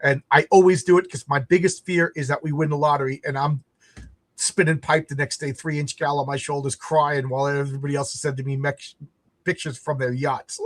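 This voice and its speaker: A man's voice: a little high, brisk, no room sound. A middle-aged man, hosting a casual chat and acting out quotes as he tells stories. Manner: animated storyteller, acts out quotes. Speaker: podcast host.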